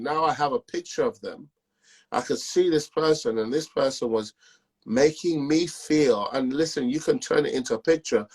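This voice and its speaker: A man's voice: on the high side, breathy edge, poor audio. A man telling a personal story on a call, acting out the dialogue from it as he goes. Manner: acts out the dialogue in his story. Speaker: speaker sharing testimony.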